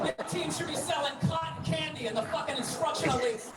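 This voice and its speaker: Male stand-up comic, very high voice, shouting abuse at the audience on an outdoor stage. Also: fast, over loud music. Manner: shouting, insulting the crowd. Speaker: stand-up comedian. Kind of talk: stand-up rant. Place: outdoor stage before a seated crowd. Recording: echoey, distant live recording with loud noise.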